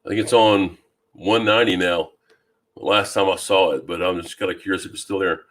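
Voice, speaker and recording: Deep-voiced man hosting a fishing live stream. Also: steady tone, fairly quick, fairly bright tone. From Louisiana. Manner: easygoing, greets viewers by name, many ums and restarts. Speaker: fishing channel host. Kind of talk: casual live-stream chat reading viewer comments. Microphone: new microphone.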